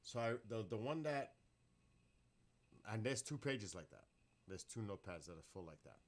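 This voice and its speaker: A man's voice: lowish voice, big pitch swings, normal speed. A man chatting casually on a live stream, rambling, swearing freely and bursting into laughs. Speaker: livestreamer.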